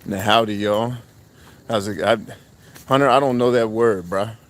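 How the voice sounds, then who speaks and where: A man's voice: on the low side, moderate pace, fairly bright tone. A man hosting a live stream, chatting casually with viewers in a blunt, joking way, swearing freely and laughing often. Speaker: podcast host doing a live stream.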